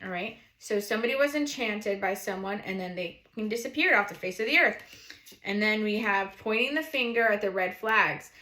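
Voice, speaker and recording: A woman from New England with a New England accent, chatting quickly and playfully while doing a tarot card reading. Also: medium pitch, bright, forceful tone, reverberant. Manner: fast-talking, playful, laughs often. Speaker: tarot reader.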